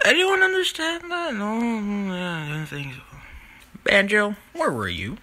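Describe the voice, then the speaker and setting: A man's voice: sits high, big pitch swings, a little slow, bright, forceful tone. A man hosting a playful plush battle show in a teasing, jokey announcer manner.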